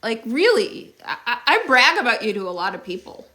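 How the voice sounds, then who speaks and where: Young female streamer, phone mic, chatty and upbeat, a bit high-pitched. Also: sing-song, a little fast, pushed and bright. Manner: chatty and upbeat, thanking viewers with many fillers. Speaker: livestream host. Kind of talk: casual livestream chat with viewers.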